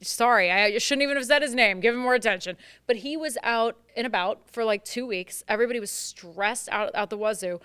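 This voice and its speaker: A bubbly young woman chats as a podcast guest and acts out people's lines as she tells stories. Her voice is smooth and clear, recorded close and dry. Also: fairly high pitch, dry recording. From Western Pennsylvania. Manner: bubbly, animated storyteller, quick to laugh and act out quotes. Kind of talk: casual chat.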